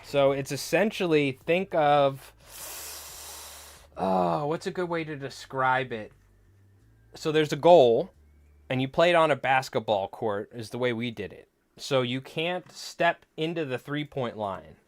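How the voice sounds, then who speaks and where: A young man hosts a live stream in a loose, casual chat. He rambles through stories, leaning on filler words and the odd curse. His voice sits at an ordinary pitch and sounds dry and close. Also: a little slow, no room sound. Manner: rambling storyteller, heavy with filler words and swearing. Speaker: livestream host.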